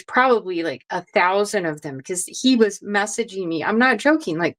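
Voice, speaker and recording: Woman, chatty guest, animated storytelling, mid-pitched voice. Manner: animated, chatty, quotes others in dialogue. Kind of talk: casual storytelling in an interview.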